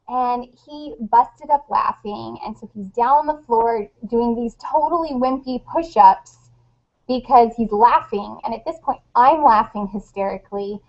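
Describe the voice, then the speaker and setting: Woman, fairly high voice, animated storyteller, dull lo-fi webcast sound. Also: unhurried. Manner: animated storyteller, acts out quotes. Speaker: guest author. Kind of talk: casual webcast chat.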